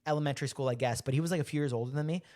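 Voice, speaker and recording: A man's voice: on the high side, racing, darkish tone. A young man co-hosting a casual podcast chat, joking and telling stories, acting out the voices of the people in them. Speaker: podcast co-host.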